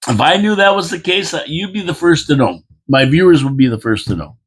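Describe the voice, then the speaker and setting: A man's voice: on the high side, lively intonation, a little fast, slightly rough. A man hosting a casual opinion monologue, rambling and repeating himself with folksy asides, sounding tired. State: tired, yawning. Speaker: local commentary host.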